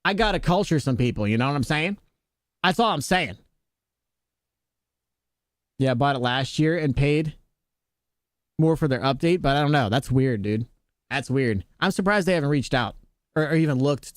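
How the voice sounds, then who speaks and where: A man's voice: lively intonation, normal speed, pauses often, no room sound, clean studio sound. A young adult man streaming a game, chatting casually with viewers in a laid-back, jokey way. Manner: laid-back, jokey, talks to chat, playful pitch jumps on jokes. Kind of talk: casual chat with live chat while gaming.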